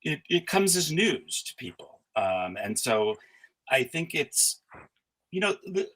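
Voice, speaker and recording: A middle-aged man speaking as the guest scholar in a conversational interview, thoughtful and halting, with frequent restarts and fillers. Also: a little high, very animated, a bit bright, low-quality recording.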